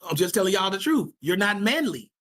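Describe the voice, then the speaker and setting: A man's voice: high voice, big pitch swings, a little fast, a bit bright. A man teaching a Sabbath class to young people, talking in an emphatic, slangy way and repeating his points for stress. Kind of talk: informal preaching to young people.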